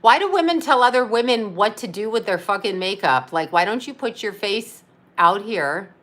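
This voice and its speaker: With a medium-pitched, animated voice that's a bit bright, a fifties-aged psychic medium rants bluntly and profanely while reading comments on her live stream. She keeps a moderate pace.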